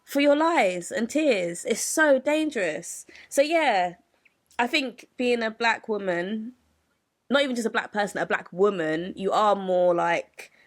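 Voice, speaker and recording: A young woman, co-hosting a podcast and telling a story in a casual, animated way, acting out the people in it. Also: medium pitch, a little slow. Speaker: podcast co-host.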